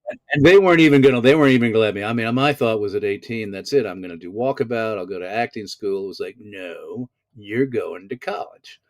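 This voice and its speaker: A man's voice: on the low side, racing, no echo. A man, raised in the American South, telling stories as an actor guest in a casual interview, wordy and self-mocking.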